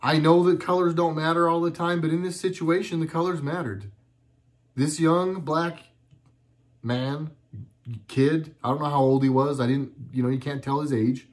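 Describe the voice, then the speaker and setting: A man's voice: on the high side, fairly even intonation, moderate pace. A middle-aged man talking at home in a casual monologue, earnest and rambling, often stopping and restarting his sentences. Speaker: video blogger.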